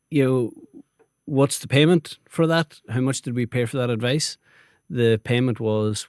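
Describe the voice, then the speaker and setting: A man's voice: medium pitch, no room sound, clean studio sound. A Northern Irish man, a business owner, telling stories in a friendly, conversational interview. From Northern Ireland. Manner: friendly storytelling, laughs easily. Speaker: guest, family business owner.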